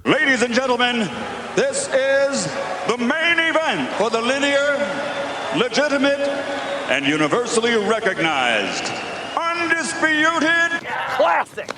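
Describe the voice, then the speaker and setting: A showman ring announcer calls out in a very high, swooping voice and drags each word out slowly. The sound is roomy and echoey, with a clear bed of noise behind it. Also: big pitch swings, full character voice. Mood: hyping. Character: booming male boxing-ring announcer.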